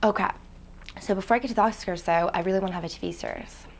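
A woman, playing a naive young aspiring actress who rambles with "like" fillers, swinging between hushed whispers and excited outbursts in a comedic web series monologue. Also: mid-range voice, racing, slight background noise, natural voice. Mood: rambling. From Canada. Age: 20s. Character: ditzy, daydreaming young woman, dreamy and naive.

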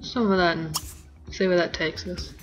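A young woman giving casual gameplay commentary, rambling and giggly as she thinks aloud with many pauses. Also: on the low side, fairly even intonation, dull audio, soft background music. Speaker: let's play host.

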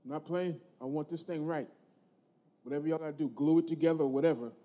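High-voiced preaching man. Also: fast. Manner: preachy, call-and-response with the congregation; swings between low asides and loud emphatic preaching. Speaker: pastor. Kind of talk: sermon.

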